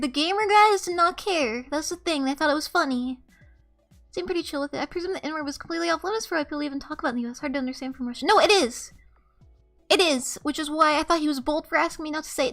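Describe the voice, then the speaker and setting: Very high, bright-voiced young woman streamer. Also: quick pace, soft background music. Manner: animated, laughs often, swears casually. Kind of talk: casual storytelling to chat.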